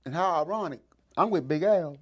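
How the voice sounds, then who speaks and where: Animated D.C. man telling a story. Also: on the high side, brisk. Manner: animated, acts out voices in his stories. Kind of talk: casual storytelling.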